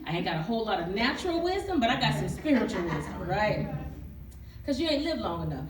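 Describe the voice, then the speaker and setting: At a book event, a woman shares a humorous, candid story in a medium-pitched, sing-song voice, talking fast as the crowd sounds behind her. The author and speaker testifies and invites audience response, recorded from afar in an echoey hall.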